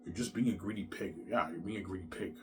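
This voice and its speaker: A man with a lowish voice delivers a long, rambling monologue to his viewers. He swears often, circles back to the same points and keeps restarting his sentences. A faint background hum sits under the recording. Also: fast. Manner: rambling, repetitive and profane, with frequent restarts. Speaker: vlogger.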